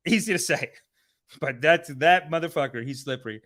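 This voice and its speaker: A man hosting a casual live stream, rambling and swearing excitably, often laughing mid-sentence. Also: fairly high pitch, normal speed. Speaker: host.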